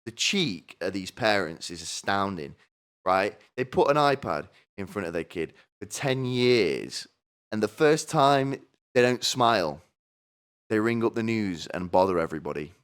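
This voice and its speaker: A man's voice: on the low side, lively intonation, a little slow, fairly bright tone, smooth. A man hosting a comedy podcast, ranting in a crude, sardonic way, swearing a lot and asking "right?" over and over. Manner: asks the listener "right?" again and again. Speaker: podcast host. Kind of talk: comedic rant.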